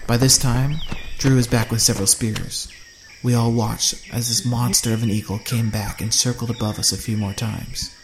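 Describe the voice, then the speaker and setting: A man narrating a first-person survival story in a steady, measured way. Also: mid-range voice, a little hiss or hum.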